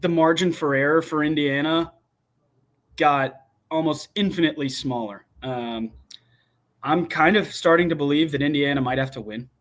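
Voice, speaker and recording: Young man, slightly high voice, rambling animated sports take, casual chat. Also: normal speed. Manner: rambling, restarts often, animated opinions. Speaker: guest football commentator.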